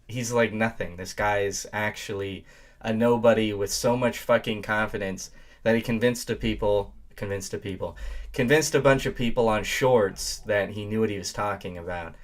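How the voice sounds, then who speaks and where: Low-voiced man, profane reaction streamer. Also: fairly even intonation, moderate pace. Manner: blunt, profane, with sudden loud outbursts. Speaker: stream host. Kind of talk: casual reaction commentary.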